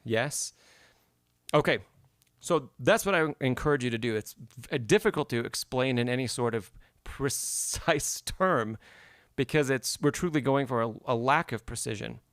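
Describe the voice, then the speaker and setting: A man's voice: mid-range voice, animated, unhurried, fairly bright tone, no room sound, clean studio sound. A man giving an encouraging piano masterclass on a live stream, explaining phrasing and humming passages aloud. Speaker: piano teacher.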